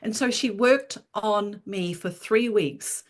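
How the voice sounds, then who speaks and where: A woman in her sixties, a writer and interview guest, telling her story with lively energy and frequent laughter. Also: mid-range voice, slow pace. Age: 60s. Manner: animated storyteller, laughs often.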